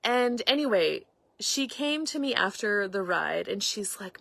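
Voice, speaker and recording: A woman's voice: mid-range voice, lively intonation, unhurried, creaky, fairly bright tone, dry recording. Chatty middle-aged woman, dry close sound. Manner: chatty, meandering, acts out quoted dialogue. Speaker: podcast host and facilitator. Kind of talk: casual storytelling monologue.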